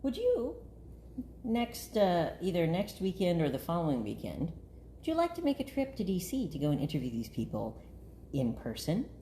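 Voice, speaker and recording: A man's voice: high-pitched, wildly swooping pitch, moderate pace, mellow, slight background noise. A man hosting a podcast in casual chat, with a playful, grandiose manner and plenty of "uh" fillers. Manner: playful, grandiose self-introduction with frequent fillers. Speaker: podcast host.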